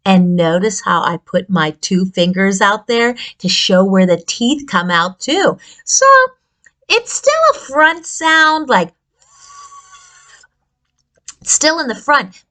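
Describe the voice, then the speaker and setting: A woman's voice: fairly low pitch, fairly bright tone. A woman speech therapist giving a children's lesson on speech sounds with puppets, encouraging and exaggerated in her delivery. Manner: encouraging, sing-song and exaggerated. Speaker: speech-language pathologist.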